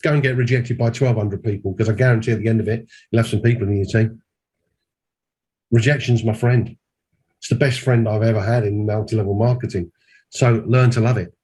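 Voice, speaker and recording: Husky man giving an emphatic mentoring talk. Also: fairly low pitch, fairly even intonation, fairly quick, a little mellow. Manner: emphatic, repeats key points. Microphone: call audio.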